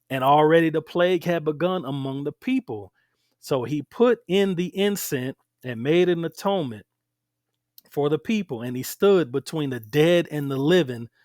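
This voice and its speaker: A man's voice: on the high side, no echo, clean studio sound. A man teaching scripture aloud, reading verses and breaking in with emphatic, conversational asides to his listeners. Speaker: Bible teacher.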